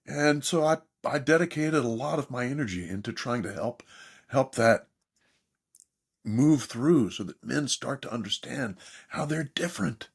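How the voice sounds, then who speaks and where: An older man with a husky voice talks in an animated, emphatic way. He tells stories as a guest on a podcast and leans hard into his points. His pitch sits in the middle range. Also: unhurried. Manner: animated, emphatic storyteller, mimics others in quotes. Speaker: therapist and author guest. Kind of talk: podcast interview, storytelling.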